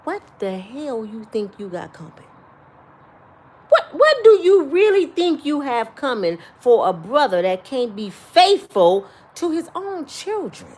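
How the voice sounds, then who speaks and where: A woman's voice: sits high, big pitch swings, measured pace, a little mellow. A middle-aged woman talking bluntly and profanely, giving life advice in casual, preachy storytelling.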